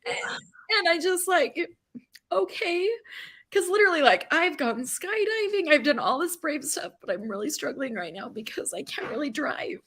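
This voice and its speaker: A woman's voice: sits high, expressive, moderate pace, a bit bright. A woman hosting a live stream, chatting casually with many fillers, emotional and tearful at times. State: crying at times. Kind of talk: casual chat.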